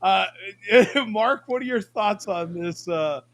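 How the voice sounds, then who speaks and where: Excitable high-voiced male host. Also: slow. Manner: excitable, laughs often, restarts. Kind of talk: casual livestream chat.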